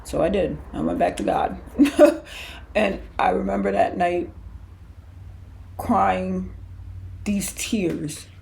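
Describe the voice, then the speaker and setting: A woman's voice: lowish voice, steady tone, takes it slowly, creaky, pauses often, darkish tone, a little hiss or hum. A woman hosting a podcast, telling her personal faith story in a candid, emotional, conversational way with loose restarts. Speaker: podcast host.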